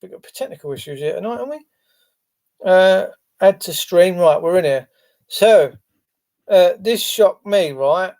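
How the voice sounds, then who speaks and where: Male stream host: a touch high, mellow and soft-edged, loose and chatty. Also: expressive, a little slow. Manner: rambling, chatty, lots of fillers. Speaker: livestream host. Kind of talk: casual live-stream chat.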